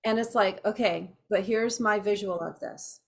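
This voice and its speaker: A middle-aged woman teaching an empath class, chatty and animated, telling stories with asides. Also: medium pitch, moderate pace, gravelly, slightly rough. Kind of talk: casual teaching to a small class.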